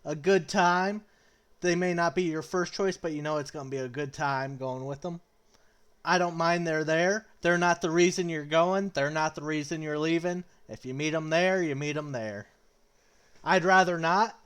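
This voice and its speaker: Smooth-voiced young man, joking. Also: on the high side, normal speed, a bit bright. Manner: jokey, stammering restarts, introduces each topic. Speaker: podcast co-host. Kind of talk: casual chat.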